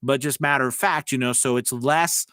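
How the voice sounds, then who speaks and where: A man's voice: medium pitch, moderate pace, fairly bright tone, no echo, clean studio sound. Chatty man with a slight Southern drawl. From United States. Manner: rambling and chatty, many fillers and asides. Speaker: voice-over coach and livestream host. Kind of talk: casual livestream chat.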